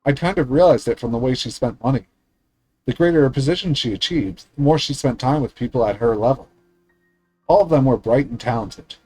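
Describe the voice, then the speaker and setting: A male streamer reads the story narration of a visual novel aloud in an earnest, steady way, stumbling now and then. His voice is mellow and unforced at an average pitch. Quiet game music plays in the background. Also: a little fast, breathy edge, low-quality recording. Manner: steady, earnest reading with small slips.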